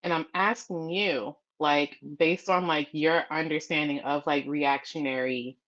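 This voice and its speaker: A woman's voice: deep voice, steady tone, a little slow, fairly bright tone, lo-fi sound. A woman guest on a livestream, talking casually in a blunt, profane, slangy way. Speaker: stream guest. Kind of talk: casual chat.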